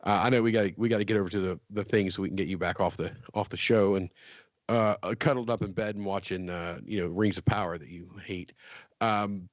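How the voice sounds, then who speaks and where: A man's voice: sits low, steady tone, brisk, no room sound, muffled recording. A man with a West Virginian accent, co-hosting a podcast in casual chat, rambling with restarts and laughter. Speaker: podcast co-host.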